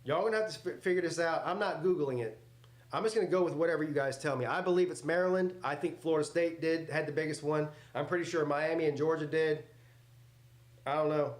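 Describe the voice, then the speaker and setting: On a live football reaction stream, a man with a fast, somewhat high voice jokes loudly, swears without restraint and responds to chat. The casual commentary sounds reverberant.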